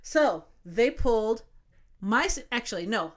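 A woman co-hosting a casual podcast spins a long anecdote, acting out her own lines and dropping swear words freely. Her voice sits a little higher than most women's. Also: measured pace. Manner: animated storyteller, swears freely, acts out what she said. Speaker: podcast co-host. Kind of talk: casual chat, storytelling.

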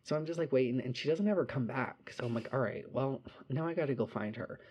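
A man's voice: mid-range voice, fast, slightly rough. A young man casually telling a story, swearing freely and acting out quotes. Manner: profane, animated storytelling with voiced quotes.

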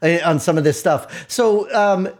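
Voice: medium pitch, unhurried. A podcast host chatting casually about fantasy football, teasing the others and laughing often. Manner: giggly, teasing. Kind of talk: casual chat.

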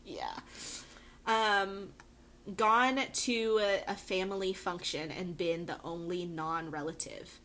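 A woman co-hosting a podcast in casual chat, laughing often and filling pauses with ums. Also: on the low side, a bit bright. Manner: giggly, lots of ums and laughs. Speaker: podcast co-host.

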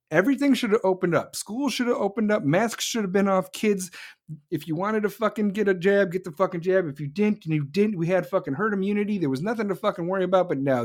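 A man hosting his own podcast, venting in an angry, profane, combative rant and answering live listeners as he goes. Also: high voice. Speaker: podcast host. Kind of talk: solo political rant podcast.

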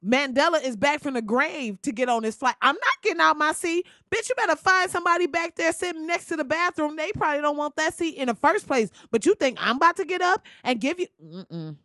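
A young adult woman delivering a loud, profane comedic rant, laughing and swearing as she tells the story. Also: high-pitched, dry recording, studio quality. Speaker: commentator.

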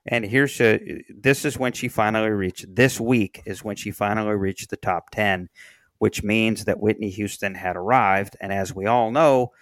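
A man's voice: fairly low pitch, steady tone, moderate pace, fairly bright tone, dry recording. A man co-hosting a podcast, chatting casually about music history with wry, sardonic, profane asides. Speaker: podcast co-host.

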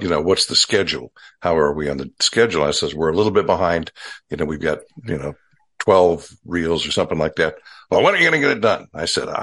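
Low voiced older guy, dry matter of fact storytelling bout the old days. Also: fairly bright tone. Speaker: former radio executive, guest. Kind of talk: casual storytelling conversation.

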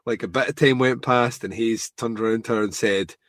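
A man's voice: mid-range voice, fairly even intonation, brisk, fairly bright tone, no echo, clean studio sound. A man co-hosting a podcast, joking wryly and often laughing as he talks about a TV episode. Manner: wry, jokey commentary, laughs often. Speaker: podcast co-host. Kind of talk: casual chat recapping a TV episode.

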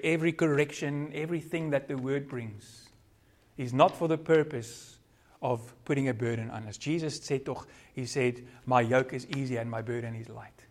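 Earnest South African preacher man. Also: mid-range voice. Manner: earnest preaching, code-switching, varied loudness. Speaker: pastor. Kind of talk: sermon.

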